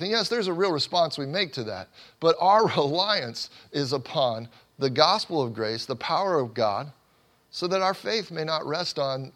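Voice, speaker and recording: A man's voice: mid-range voice, a bit bright. An earnest male pastor delivering a sermon in an ordinary mid-range voice. He drives his points home with repeated phrases and often restarts a word before pressing on. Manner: earnest, emphatic repetition with frequent restarts.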